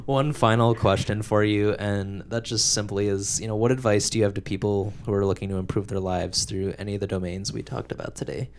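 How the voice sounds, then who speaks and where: A man's voice: on the low side, fairly even intonation, fairly quick, few pauses, slight background noise. A man hosting a podcast interview, casual and joking. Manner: playful, joking asides. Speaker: podcast host.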